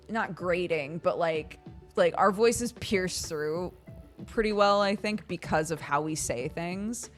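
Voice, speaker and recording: An American woman in her thirties, a streamer chatting casually and telling stories with lots of laughter, acting out the voices of people she quotes. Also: fairly low pitch. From United States. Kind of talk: casual chat.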